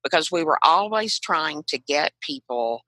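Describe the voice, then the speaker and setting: A woman's voice: deep voice, expressive, measured pace, sharp tone, dry recording, rough recording. An older woman from South Carolina and Arkansas with a Southern US accent, telling frank stories as a podcast guest. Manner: frank, anecdotal, proud of her accent. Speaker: guest, retired non-profit leader. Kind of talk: storytelling in a podcast interview.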